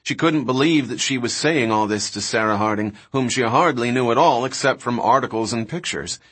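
A man narrating a novel in a calm, even storytelling manner. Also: medium pitch, normal speed, husky. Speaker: audiobook narrator. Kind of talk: scripted narration.

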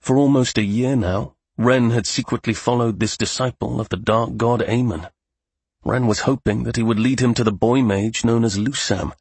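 Man, audiobook narrator, measured, husky, dry close recording. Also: medium pitch, darkish tone, no echo. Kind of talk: scripted fantasy narration.

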